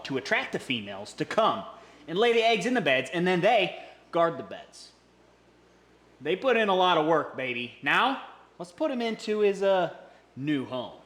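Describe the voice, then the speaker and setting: An excitable man vlogging beside a large fish tank, his fairly high voice swinging up and down as he exclaims and repeats himself. His voice rings in an echoey indoor room. A faint hiss of noise sits under the recording. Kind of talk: excited hands-on vlog commentary. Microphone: camera mic, handheld.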